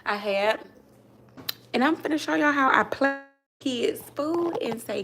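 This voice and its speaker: A woman's voice: fairly high pitch, normal speed, creaky, fairly bright tone, low-quality recording. A woman hosting a casual live cooking stream from her home kitchen, chatting to her viewers and calling out to them constantly as she cooks. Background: clatter of pots and dishes.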